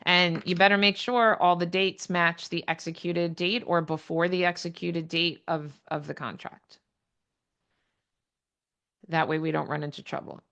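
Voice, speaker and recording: A woman runs a training session over a video call, talking frankly and bluntly with quick asides. Her voice sits low. It has a gravelly, fry-tinged edge. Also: fairly even intonation, fairly bright tone, highs cut off. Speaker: real estate trainer. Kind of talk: online training session talk. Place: home or office on a video call.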